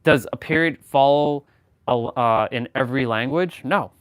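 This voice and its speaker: A man hosting a casual chat, rambling with lots of fillers and restarts, shifting into livelier, louder stretches when worked up. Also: medium pitch, moderate pace, clean tone, no echo. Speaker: host.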